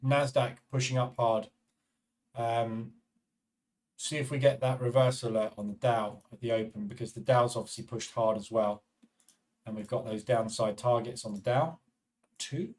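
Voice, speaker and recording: Male live trading stream host, casual running commentary, mid pitch, a little distant from the mic. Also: steady tone, moderate pace, a little mellow. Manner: casual, thinking aloud, chatting to viewers.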